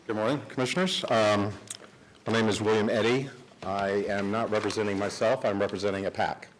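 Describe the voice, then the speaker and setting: Low-voiced man reading a formal statement at a county meeting. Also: fairly even intonation, brisk, slight background noise, rough recording. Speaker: speaker representing a political action committee.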